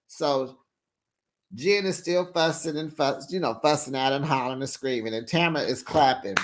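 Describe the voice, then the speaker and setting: Sassy, animated recap host. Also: medium pitch, moderate pace. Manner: animated storytelling, acts out quotes; sassy asides like honey and child. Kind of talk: casual recap commentary.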